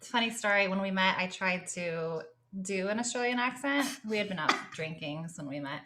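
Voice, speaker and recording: A woman in her forties co-hosting a podcast in casual chat, upbeat and playful with quick asides. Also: mid-range voice, sharp tone. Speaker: podcast co-host.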